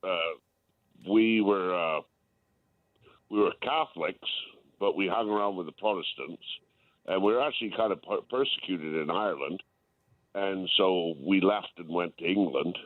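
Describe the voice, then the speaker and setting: A male caller with a very deep voice, recounting family history in an earnest, halting way. The sound is dry and thin, like a phone line. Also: no room sound.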